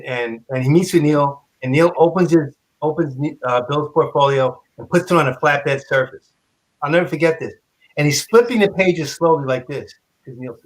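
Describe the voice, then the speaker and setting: A man telling an animated, profane story on a convention panel, acting out quotes and laughing. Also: medium pitch. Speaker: comic artist panelist.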